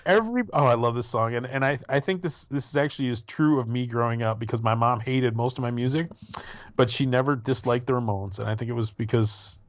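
A man chats on a podcast, rambling loosely and joking with his co-host. His voice sits at an ordinary pitch and comes through dry and close. The sound is a bit dull and lo-fi. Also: brisk, dry recording. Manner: rambling, jokey, swears casually. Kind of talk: casual chat.

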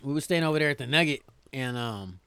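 A man's voice: medium pitch, lively intonation, fast talker, pushed and bright, clear, resonant tone, dry recording. A man co-hosting a podcast, telling stories in a laid-back, slangy way with casual swearing. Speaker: podcast co-host. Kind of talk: casual chat.

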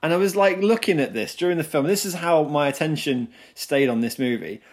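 A man's voice: fairly high pitch, expressive, brisk. A man co-hosting a podcast, talking casually and laughing often as he goes. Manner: chatty, laughs often, talks over his co-host. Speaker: podcast co-host. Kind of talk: casual chat.

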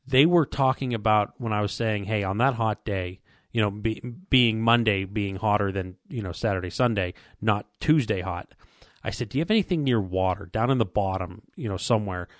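A man with a fairly low voice tells a long, rambling story in casual chat. He trips over repeated words and slips into quoting the people he met. The sound is dry and close, with no room in it. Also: moderate pace, no room sound. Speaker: podcast co-host telling a hunting story.

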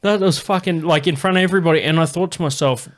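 A man's voice: a little high, fast talker. A young man hosting a podcast, telling rambling, swear-filled stories in casual chat. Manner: swears a lot, rambling and animated storytelling. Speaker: podcast host.

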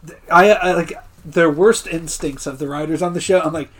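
A man's voice: a little high, moderate pace. A man co-hosting a podcast, recapping episodes in casual chat and acting out scene quotes as he goes. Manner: animated retelling, quoting scenes with laughs. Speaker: podcast co-host.

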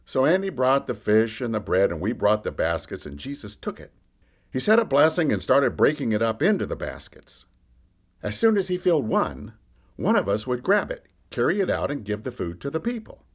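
A man's voice: mid-range voice, moderate pace. A man playing a candid fisherman disciple, telling his own story in a first-person monologue. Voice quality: lively storyteller, rising and falling with the action. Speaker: podcast storyteller.

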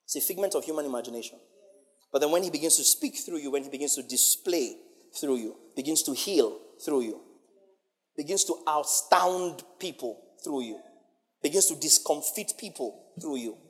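A male pastor delivers a sermon with a very lively, wide-ranging pitch, swinging from booming declarations to hushed phrases. His voice carries a long reverb, as if filling a large hall. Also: normal speed.

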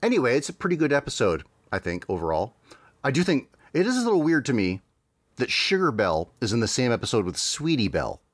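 A man's voice: mid-range voice, huge pitch swings, fast talker, no room sound. A man hosting a podcast, chatting casually with many fillers and restarts. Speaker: podcast host.

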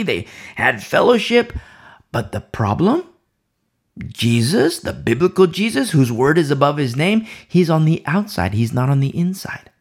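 A man's voice: fairly high pitch, gravelly, fairly bright tone, husky. A man preaching a Bible sermon, emphatic and repeating key phrases for emphasis.

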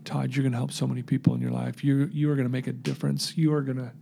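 Gravelly-voiced man telling his story. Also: medium pitch, level tone, racing, mellow, a little hiss or hum. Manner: recounts events by acting out quoted dialogue; earnest, emotional. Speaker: podcast guest. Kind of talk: personal storytelling.

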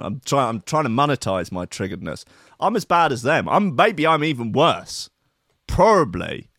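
A man's voice: fairly low pitch, fairly bright tone, no room sound, clean studio sound. A man hosting a radio show, ranting sarcastically and swearing as he reads and mocks news stories. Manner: sweary, sarcastic rants with mock outrage. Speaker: radio host.

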